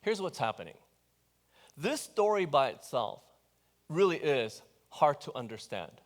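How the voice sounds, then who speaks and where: A man's voice: on the high side, big pitch swings, a little slow. A man preaching a sermon, talking with the congregation in a conversational, questioning way and telling the story with animation. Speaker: pastor.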